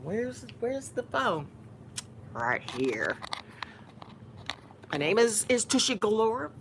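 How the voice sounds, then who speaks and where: A woman from Houston, Texas, speaks with a Southern Texan accent in a lowish, fairly bright voice, with a slight hiss or hum in the audio. She's a YouTuber eating on camera and chatting casually, playfully teasing and acting mock-bossy.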